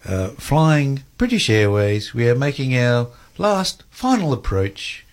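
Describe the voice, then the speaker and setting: A man doing a slow, formal airline pilot. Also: medium pitch, sing-song. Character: male airline pilot making a slow formal cabin announcement.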